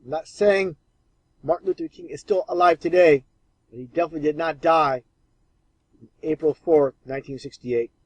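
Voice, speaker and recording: Scornful man with a bright, dry voice. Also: a little high, moderate pace, pauses often, no room sound, low-quality recording. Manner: scornful, emphatic. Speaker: commentator. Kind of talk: commentary over archive clips.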